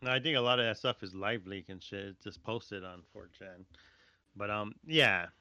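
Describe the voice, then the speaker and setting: A man's voice: on the low side, normal speed, bright, forceful tone, no echo. A young man co-hosting a podcast, teasing his friend and laughing through casual stories. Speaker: podcast co-host. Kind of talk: casual chat. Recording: dull lo-fi dry sound.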